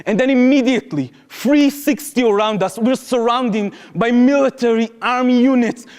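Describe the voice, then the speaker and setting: High-voiced man telling his story. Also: normal speed, darkish tone, clean tone. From Israel. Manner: earnest, vivid, slightly non-native phrasing. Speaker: public speaker, former soldier. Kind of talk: personal storytelling talk. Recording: reverberant hall.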